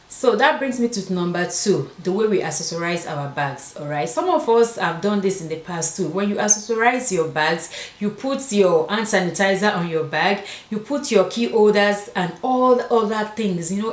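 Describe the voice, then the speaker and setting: A woman with an African accent chats casually to the camera as a fashion vlogger, often repeating words for emphasis. Her voice sits at a medium pitch and sounds reverberant.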